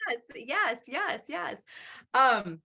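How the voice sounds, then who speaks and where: Woman host, bright and fairly high voice, rambling and animated, casual podcast chat. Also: drawn-out words, vocal fry. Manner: rambling, animated, laughs often.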